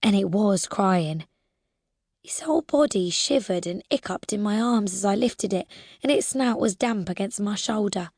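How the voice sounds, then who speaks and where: A woman narrating a first-person adventure audiobook in a lively, expressive way, now and then dropping to a whisper. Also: medium pitch, normal speed, vocal fry, no echo, studio quality.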